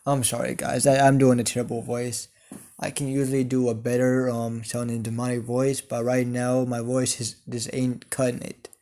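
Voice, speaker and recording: A man narrating an improvised fan story, halting and full of hesitations. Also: mid-range voice, completely flat delivery, warm tone.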